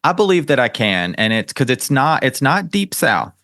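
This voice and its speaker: A man's voice: medium pitch, very animated, moderate pace, a bit bright, dry recording, studio quality. A man with a North Carolina Southern accent, hosting a podcast as a flirt coach in an upbeat, chatty, affirming way. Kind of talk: casual interview chat.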